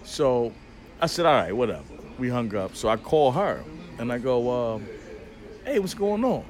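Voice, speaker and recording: A man's voice: mid-range voice, normal speed, soft background music. A man who is a podcast guest, telling a personal story in a casual, profane way and acting out the dialogue. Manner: animated, profane, acts out dialogue.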